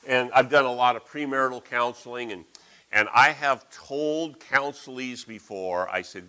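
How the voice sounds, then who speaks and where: Middle-aged male preacher, folksy, animated, bright tone. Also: medium pitch, normal speed, poor audio. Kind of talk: sermon.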